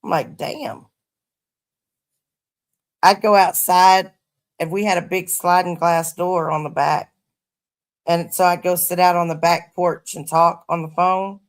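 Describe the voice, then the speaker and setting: A middle-aged woman with a gravelly, fry-laced voice sitting a bit low for a woman. She chats to her livestream viewers and tells stories in a laid-back, profane way. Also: level tone, normal speed. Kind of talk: casual livestream chat. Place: her home.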